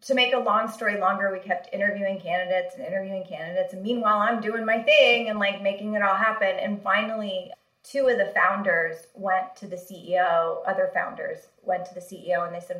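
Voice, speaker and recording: A woman marketing executive recounts her career as an interview guest, her voice bright and forward. She tells her stories animatedly, with many fillers and frequent laughter. The sound has a roomy echo. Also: medium pitch, steady tone, fairly quick. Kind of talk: casual interview storytelling.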